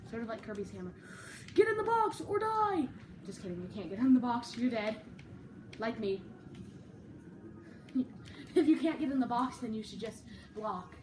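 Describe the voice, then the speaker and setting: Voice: medium pitch, normal speed, long pauses, warm tone, echoey room, far from the mic, slight background noise. A gaming channel host giving casual, teasing commentary over a match, yelping at game events.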